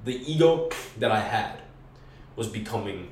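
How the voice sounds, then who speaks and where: A man's voice: on the low side, lively intonation, unhurried, a little mellow. A young man telling a casual story in heavy slang and profanity, acting out his own quoted lines. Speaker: podcast guest. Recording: roomy, distant mic, faint noise.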